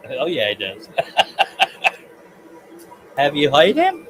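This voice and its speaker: A man's voice: fairly high pitch, huge pitch swings, takes it slowly. Southern male stream host, chatty, prone to giggles, noisy recording. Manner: chatty, reads chat aloud, giggly. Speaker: livestream host. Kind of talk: casual live stream chat.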